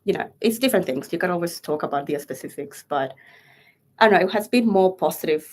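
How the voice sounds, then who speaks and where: A young Chilean woman speaking English with a Spanish accent, her pitch a touch on the low side. She chats easily as an interview guest, laughing often and filling pauses with lots of ums. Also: lively intonation, darkish tone. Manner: chatty, laughs often, many fillers. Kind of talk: casual interview chat.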